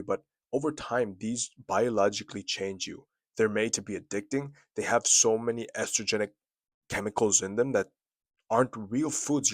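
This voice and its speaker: A young man in his twenties talks straight to camera in a low voice, sharing self-improvement advice. His delivery is earnest and chatty, full of fillers, with phrases repeated for emphasis. The sound is dry and close, with no room echo. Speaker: self-improvement video creator. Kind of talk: casual talking-head advice.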